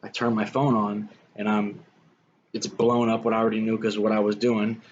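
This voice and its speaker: A man's voice: lowish voice, completely flat delivery, fairly quick, highs cut off, a little hiss or hum. A young man telling his own life story in a casual, rambling way, full of "man" and "you know".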